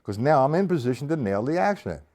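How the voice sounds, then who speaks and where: A man's voice: mid-range voice, very animated, fast, over loud music. Male drum teacher, live stream, counts beats and names stickings step by step, drums playing in the background. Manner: counts and calls sticking aloud, explaining step by step. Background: drum kit playing.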